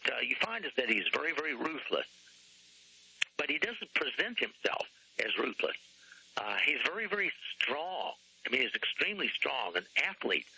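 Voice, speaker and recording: A man talking as a guest author on a radio talk show, rambling, often clearing his throat and spelling out names letter by letter. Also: mid-range voice, big pitch swings, normal speed, pushed and bright, no room sound, poor audio.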